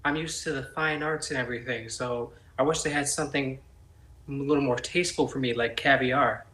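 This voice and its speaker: A man's voice: medium pitch, steady tone, brisk, bright, forceful tone. A man improvising a snobbish, complaining airplane passenger. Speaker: improv performer. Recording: roomy echo.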